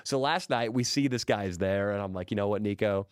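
A man telling a crude story in a casual podcast chat, profane and animated. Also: fairly quick, clear, resonant tone, no echo, studio quality. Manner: animated, profane, mimics people in high put-on voices. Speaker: podcast guest.

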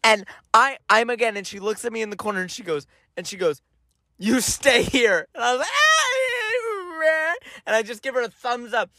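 Speaking fast with hardly any pauses, this podcast co-host has a high-pitched voice captured in clean studio sound without room ambience. He's animated as he tells a family story, putting on voices to quote his relatives.

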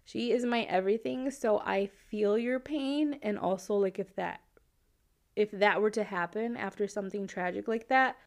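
A woman's voice: mid-range voice, normal speed. Giggly woman podcast host. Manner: giggly, laughs often between sentences; chatty, warm asides to listeners with fillers. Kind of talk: casual chat.

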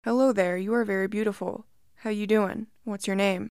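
Volatile man harassing strangers on a train, read by a woman, smooth clear voice, insults in a mid-pitched tone. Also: fairly even intonation, moderate pace, no room sound, studio quality, natural voice. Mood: fake charming. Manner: sweet-talking turning to shouted insults. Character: aggressive adult male subway harasser, volatile.

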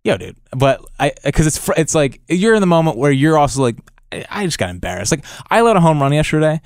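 Lively young man on a sports podcast. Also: fairly high pitch, fast, smooth, dry recording, clean studio sound. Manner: animated, laughs often, says "like" a lot. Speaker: podcast co-host. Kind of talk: casual sports chat.

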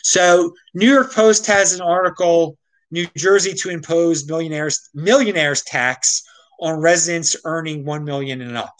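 A Baltimore-area man hosting his own show rants through a casual opinion monologue, exasperated and constantly restarting. His voice is fairly high and fairly bright, delivered at a measured pace on a low-quality recording.

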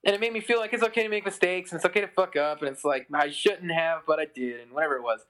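A man's voice: fairly high pitch, quick pace. A man in his thirties, a musician, telling a long story in a casual podcast chat, full of "like" and acted-out quotes. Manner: rambling, lots of "like", animated quoting. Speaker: musician guest.

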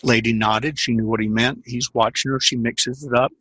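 An older man with a husky voice, telling sales stories in an interview with emphatic, drawn-out stresses. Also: mid-range voice, steady tone, pushed and bright, no echo. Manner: emphatic, repeats key phrases, drawn-out stresses. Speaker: sales trainer and script consultant. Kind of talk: conversational interview storytelling.

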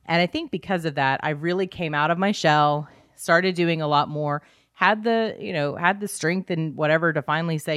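Woman in her thirties, low voice, dry close mic, candid casual podcast chat, laughs often. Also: moderate pace, hardly any pauses, fairly bright tone, smooth, no room sound. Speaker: podcast co-host.

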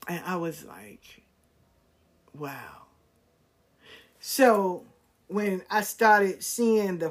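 Frank, animated New woman storyteller. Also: lowish voice. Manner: animated, acts out quoted voices, slangy and frank. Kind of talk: casual personal storytelling.

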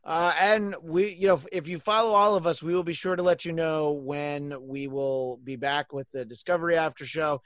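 A man's voice: on the high side, fairly even intonation, moderate pace, hardly any pauses, fairly bright tone, no room sound, clean studio sound. A man hosting a podcast, wrapping up a casual chat and rambling with many ums and uhs. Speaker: podcast host.

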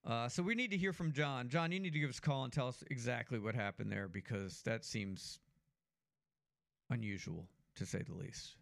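A man's voice: medium pitch, moderate pace, vocal fry, a bit bright. A man co-hosting a sports talk show, chatting casually with playful, teasing banter and reading out listener messages. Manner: reads listener messages aloud. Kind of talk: casual chat.

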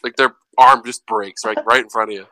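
A man's voice: medium pitch, fairly even intonation, fairly quick, heavy background noise. A young man co-hosting a casual podcast, joking and laughing often. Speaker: podcast co-host. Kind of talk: casual chat.

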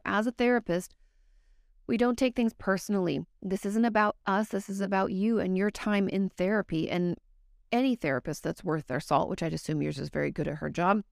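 Gravelly-voiced woman therapist giving frank advice. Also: on the low side, a little mellow, no room sound, clean studio sound. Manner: candid, conversational, occasionally swears. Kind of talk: casual advice talk to viewers.

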